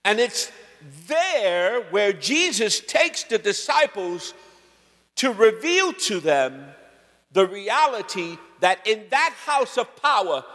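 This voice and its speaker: A male pastor preaches with lively slang and calls out to his congregation for amens. His voice runs high and swings widely in pitch. A long church reverb hangs on his words. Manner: animated, slangy, asks the crowd for amens. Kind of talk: sermon.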